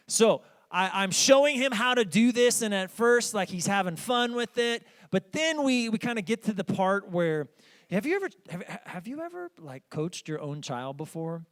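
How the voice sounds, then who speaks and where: A man with a notably high-pitched voice preaches to his congregation in a relaxed, conversational way. He is a pastor in his thirties, weaving a personal story into his sermon and talking straight to the people in the pews. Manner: conversational, addresses congregation directly. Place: church sanctuary.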